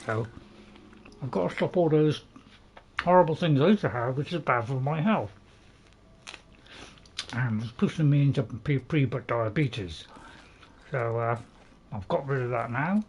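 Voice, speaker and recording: A man's voice: mid-range voice, unhurried, pauses often, a little mellow, dull audio, a little hiss or hum. A British man with a chatty, rambling manner, giving casual let's-play commentary and playfully talking to his viewers. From Britain. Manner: chatty and rambling, talks to viewers while chewing, playfully self-mocking. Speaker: gameplay channel host.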